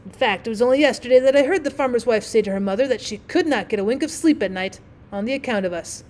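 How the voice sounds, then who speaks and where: A talkative, self-satisfied frog, gushing on without pause, as a woman voices it in a storybook reading. The voice sits fairly high and eager. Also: a little mellow, natural voice.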